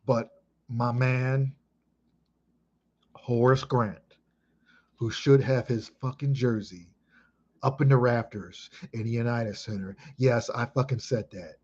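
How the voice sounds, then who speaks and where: A man in his thirties from Chicago talks through an old memory, emphatic and full of swearing. His voice sits at a medium pitch. The recording sounds dull and lo-fi. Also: takes it slowly, pauses often. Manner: excitable, emphatic, heavy swearing. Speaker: vlogger. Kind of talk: casual reminiscing monologue.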